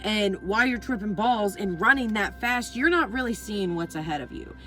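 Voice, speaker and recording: A woman's voice: medium pitch, lively intonation, normal speed, bright, forceful tone, low-quality recording. A young adult woman vlogger telling a story casually, rambling with constant fillers and swearing freely.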